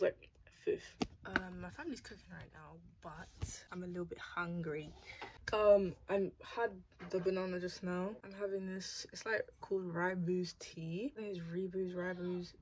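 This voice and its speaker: A woman's voice: lowish voice, normal speed, slight background noise. A young woman chatting casually in a vlog, tired and talking while she eats. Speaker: vlogger.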